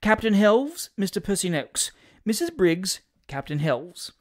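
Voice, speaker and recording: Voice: mid-range voice, sing-song, measured pace. A reader voicing an affected upper-middle-class woman with a careless, genteel, self-important manner in an audiobook. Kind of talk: audiobook character voice.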